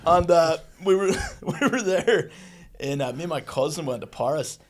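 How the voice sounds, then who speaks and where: A man's voice: fairly high pitch, expressive, normal speed, slight background noise. Chatty young man swapping stories. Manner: chatty storyteller with slangy banter. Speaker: podcast co-host. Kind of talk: casual podcast chat.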